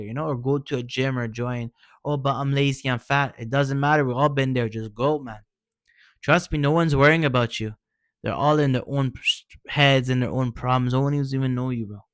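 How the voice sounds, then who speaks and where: A man's voice: medium pitch, fairly bright tone, dry recording, studio quality. Earnest man giving casual pep talk. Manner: informal, peppers speech with "man" and "bro"; earnest, encouraging. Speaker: vlogger sharing personal experience. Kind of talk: casual heartfelt advice talk.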